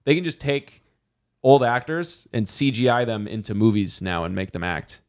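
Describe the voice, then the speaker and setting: Male podcast host, casual, rambling, low voice. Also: animated, normal speed, darkish tone.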